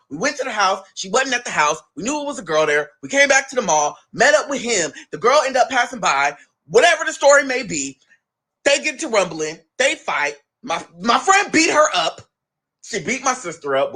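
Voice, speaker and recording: A young man casually telling a long family story, animated and quick to act out what each relative said. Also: high-pitched. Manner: animated, acts out family members' lines in his own voice. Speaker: guest telling his story.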